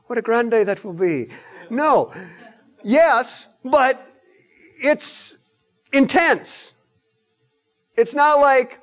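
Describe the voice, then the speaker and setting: A man delivers a sermon in a high-pitched voice. He preaches with animated emphasis and breaks into joking asides now and then. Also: slow pace, pauses often.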